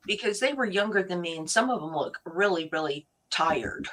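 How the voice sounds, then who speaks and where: A woman's voice: medium pitch, normal speed, fairly bright tone. A woman hosting a casual chat stream, talking in a rambling, chatty way and laughing often. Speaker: host.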